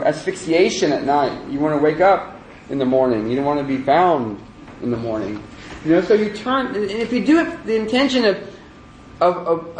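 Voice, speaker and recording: A man's voice: high-pitched, darkish tone, slight background noise. A man teaching a religious lecture to an audience, talking in a loose, conversational way with joking asides. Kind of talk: lecture with humor. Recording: roomy echoey lecture room.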